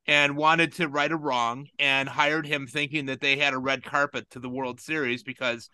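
A man's voice: medium pitch, steady tone, moderate pace, pushed and bright, smooth, no room sound. A man in casual chat, telling long, profane stories and getting more exasperated as he goes. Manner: rambling, profane storytelling with rising exasperation.

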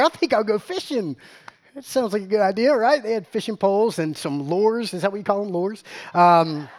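A man, preaching a sermon built around a story. He talks in an animated way, repeating his words and throwing questions out to the congregation. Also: high-pitched. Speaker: pastor.

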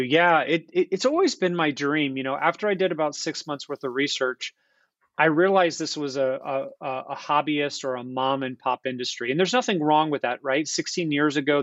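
A man's voice: medium pitch, a bit bright, dry recording. A man speaks as a podcast guest, explaining things earnestly in a casual, explanatory way and often restarting his sentences. His voice sits in a middle range. The recording sounds a little dull and dry, with no room around it. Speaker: ISP founder and CEO, guest. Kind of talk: casual podcast interview answers.

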